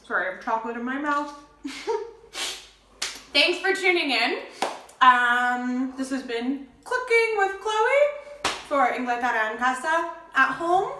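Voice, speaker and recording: A woman's voice: sits high, big pitch swings, slow, long pauses, pushed and bright, echoey room, a little hiss or hum. A young woman hosting a cooking lesson for English learners, bubbly and checking in with her viewers again and again. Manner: bubbly, checks in with "okay?" often. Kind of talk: cheerful teacher-like cooking demo.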